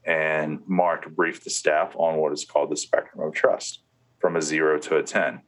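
Super deep voiced guy, ex security head, telling his story in an interview, lots of ums and restarts. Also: level tone, moderate pace. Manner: retells conversations in quoted speech, with restarts and fillers.

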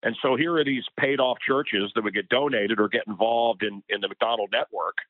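A man's voice: medium pitch, fairly even intonation, fairly quick, dry recording. A man, a radio personality, talking as a guest in an interview, impassioned and getting worked up as he speaks. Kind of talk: heated interview conversation. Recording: tinny phone line.

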